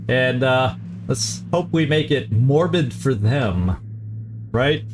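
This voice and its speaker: A man's voice: medium pitch, lively intonation, slow, soft background music. Man musing through strategy game tactics. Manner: thinking aloud, tactical, self-correcting. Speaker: gaming channel host.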